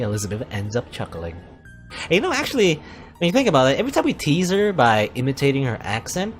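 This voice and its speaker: A man hosting a let's play, reading a visual novel aloud and rambling through his thoughts with many fillers and asides. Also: medium pitch. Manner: puts on a mock posh British voice for quips.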